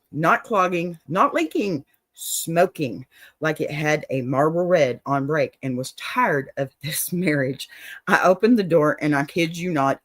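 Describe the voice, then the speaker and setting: A woman's voice: low voice, no echo. A woman hosting an advice show, reading a listener's letter aloud with playful drama and laughing asides.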